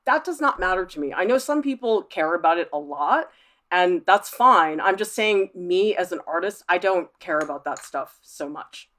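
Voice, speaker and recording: A woman art professor hosting a livestream, reading viewer comments aloud and chatting back in a lively, laughing way. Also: lowish voice, moderate pace. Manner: chatty, animated, laughs often.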